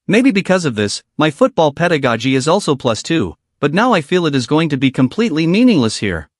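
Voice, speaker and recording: Upbeat teen football prodigy read by a man, lively pitch, slightly high, dry close sound. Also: a little fast, no room sound.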